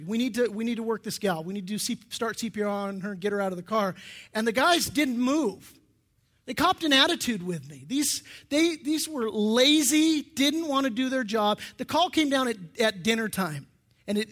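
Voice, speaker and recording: A man's voice: high-pitched, fairly bright tone. A male pastor giving a sermon in a conversational, emphatic way, with many restarts and personal stories.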